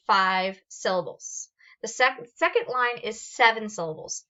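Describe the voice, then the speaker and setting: A woman's voice: a little high, moderate pace, highs cut off, background noise. A woman teacher explaining poetry forms step by step in a recorded lesson, reading examples aloud with fillers and restarts.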